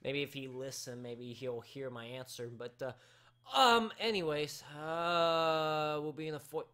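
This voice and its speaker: A man hosting a casual live talk show, excitable and rambling, with his voice cracking and breaking into sudden shouts. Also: a little high, normal speed.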